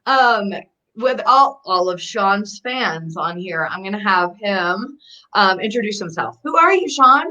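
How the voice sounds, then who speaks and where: A woman's voice: medium pitch, animated, unhurried, pushed and bright, highs cut off. A woman hosting an online talk show, chatty and bubbly, laughing often over a video call. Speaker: host. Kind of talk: casual livestream talk.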